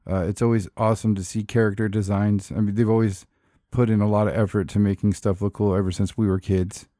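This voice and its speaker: A podcast co-host trades jokes in casual conversation, cursing freely and laughing often. His lowish voice moves quickly with little change in pitch and has a mellow quality. The studio sound is clean and free of echo.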